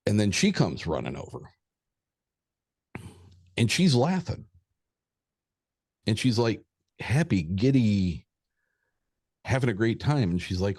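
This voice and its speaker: Middle-aged man, very low voice, dry close sound, rambling and profane storyteller. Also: very animated, takes it slowly, long pauses, darkish tone, breathy edge, no echo. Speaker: podcast guest. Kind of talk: casual storytelling.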